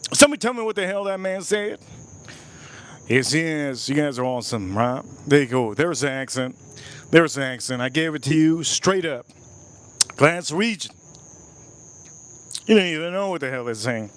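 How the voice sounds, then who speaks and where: A man's voice: fairly high pitch, fairly bright tone. A man hosting a live stream, reviewing whiskey and cooking, enthusiastic, repeating phrases and talking to his chat. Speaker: livestream host.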